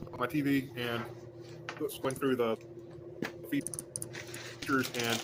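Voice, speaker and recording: A man chatting on a livestream in a halting, folksy way, full of restarts. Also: medium pitch. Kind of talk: casual chat. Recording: noisy livestream audio.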